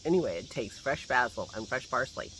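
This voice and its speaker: Filming himself on a phone at arm's length outdoors in his garden, a vlogger with a slight lingering cough chats casually, rambling and laughing to himself. His mid-range voice is bright and forceful with lively intonation and a brisk pace, and a little hiss or hum can be heard.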